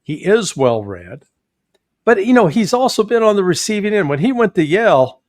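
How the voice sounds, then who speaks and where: A Midwestern-accented man with a fairly high voice talks politics as a guest. He is animated and folksy and drops joking asides. The sound is dry and close, with almost no room echo. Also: moderate pace. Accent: Midwestern American. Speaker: guest commentator. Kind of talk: casual political commentary.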